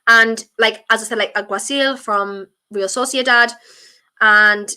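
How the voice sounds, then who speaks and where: Woman doing a footy watchalong stream, bright punchy voice, chatty and blunt, yells at fouls. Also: a little high, steady tone, a little slow, clear, resonant tone. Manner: passionate, blunt, chatty opinions; bursts into shouting at fouls. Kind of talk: live match commentary and fan chat.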